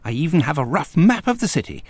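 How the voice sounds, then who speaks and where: An actor playing Dr. Watson, an eager, formal English gentleman in a game. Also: fairly high pitch, fast talker, breathy edge. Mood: enthusiastic. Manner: lively, formal, upbeat. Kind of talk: game voice acting.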